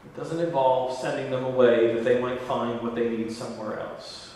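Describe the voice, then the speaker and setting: Male pastor, relaxed conversational sermon; long hall reverb, faint noise underneath. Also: medium pitch, moderate pace. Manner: conversational preaching with asides and quoted dialogue. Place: large church sanctuary. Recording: echoey church hall from far off.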